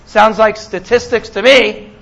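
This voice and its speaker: High-voiced male pastor preaching. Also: fairly even intonation, a little slow, fairly bright tone, rough recording. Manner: conversational, with sarcastic asides to the congregation. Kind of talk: sermon.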